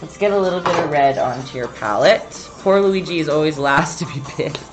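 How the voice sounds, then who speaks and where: A woman's voice: deep voice, brisk, music in the background. A woman hosting a casual painting tutorial livestream, chatty, reading viewer comments aloud and breaking off mid-sentence. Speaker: painting instructor and livestream host.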